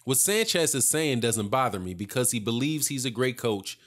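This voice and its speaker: A man's voice: mid-range voice, animated, normal speed, hardly any pauses, fairly bright tone. A man giving heated, sarcastic opinion commentary on boxing, repeating his points for emphasis.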